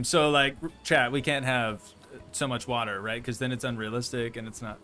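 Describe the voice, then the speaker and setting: Over faint background music, a man streaming a park-building game talks at normal speed in a medium-pitched, sharp-toned voice. His chat with viewers is casual, playful, and full of rambling asides.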